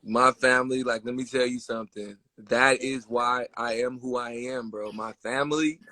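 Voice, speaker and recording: Chicago man, livestream guest, bright, slangy, animated storyteller. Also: mid-range voice, normal speed. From west side of Chicago. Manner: animated storyteller, slangy, addresses listener as bro. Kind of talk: casual livestream chat.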